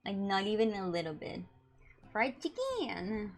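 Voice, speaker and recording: A woman's voice: mid-range voice, huge pitch swings, a little slow. A woman streamer reading a dating game aloud, breaking off into giggly, chatty asides.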